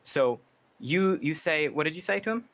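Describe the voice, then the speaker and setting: A man's voice: fairly high pitch, expressive, fairly bright tone. Man running a tabletop game. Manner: explanatory, halting. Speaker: game master.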